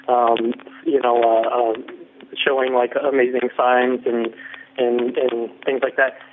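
A man calling into a radio show, asking questions hesitantly with many fillers. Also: mid-range voice. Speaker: caller. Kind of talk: phone-in question. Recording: tinny phone line with faint noise.

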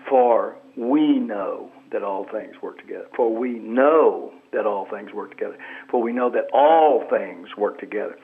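A man guest on a radio interview speaks with an emphatic, preacher-like cadence. His voice comes through a narrow, tinny phone line. It sounds a little husky and sits at a middle pitch. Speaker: author and pastor guest.

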